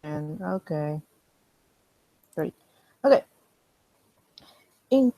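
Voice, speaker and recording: A woman with a lowish voice reads fanfiction aloud in character at a moderate pace, her throat sounding strained. The recording is low quality with no echo, and she steadily reads but breaks off now and then for chatty asides to viewers.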